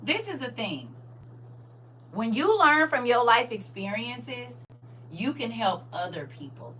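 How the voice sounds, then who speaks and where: Animated woman livestreaming, bright voice. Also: on the high side, takes it slowly, a little hiss or hum. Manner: animated and playful, addresses chat directly, laughs often. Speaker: livestream host. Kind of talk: casual livestream chat with viewers.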